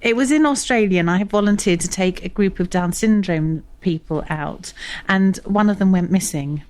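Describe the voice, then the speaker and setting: A woman's voice: medium pitch, moderate pace, a little mellow. An older woman, a guest and a host's mother, chatting casually with dry teasing remarks, recorded indoors at a workplace full of vintage cars. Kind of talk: casual chat.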